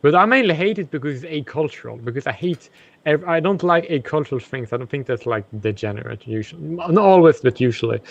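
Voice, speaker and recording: A man on a stream with a gravelly voice, talking in a halting way, repeating himself and stating blunt opinions. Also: on the high side, animated, no echo, lo-fi sound. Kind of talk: casual political chat.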